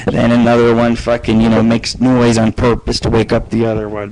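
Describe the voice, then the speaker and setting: A man's voice: medium pitch, level tone, fairly quick, darkish tone, rough recording. A man hosting his own internet radio show, telling rambling stories with lots of swearing. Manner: profane, rambling, storytelling. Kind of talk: casual rambling monologue.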